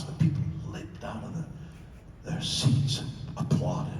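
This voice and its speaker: Older man, conference speaker, heartfelt storytelling with lively swings; distant roomy hall capture. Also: on the high side, a little hiss or hum. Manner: halting, searching for words, then rising to emphatic peaks. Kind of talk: emotional storytelling talk. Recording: roomy hall sound from afar.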